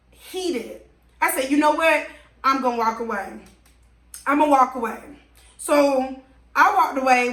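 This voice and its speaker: High-voiced woman telling an exasperated story. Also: fairly bright tone. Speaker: vlogger. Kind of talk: storytime vlog. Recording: roomy echo.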